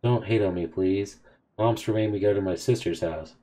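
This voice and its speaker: A man with a fairly low, warm voice speaks at normal speed as he hosts a game video. He casually reads out the characters' text message exchange, giving both sides an offhand delivery.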